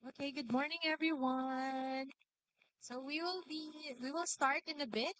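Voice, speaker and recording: A woman's voice: high-pitched, steady tone, measured pace, fairly bright tone, slight background noise. A woman hosting an event in a hall, giving announcements with some hesitation. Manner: hesitant, with fillers and repeats. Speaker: event host.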